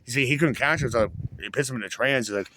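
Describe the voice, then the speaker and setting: A man's voice: mid-range voice, fast, sharp tone, slight background noise. A man rambling through a casual story, restarting sentences and swearing freely. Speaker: vlogger.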